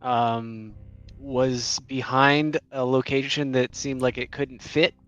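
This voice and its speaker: A man's voice: mid-range voice, level tone, slow, a bit bright, clean tone, lo-fi sound. A man playing a tabletop game in casual chat, cautious and wry. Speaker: player.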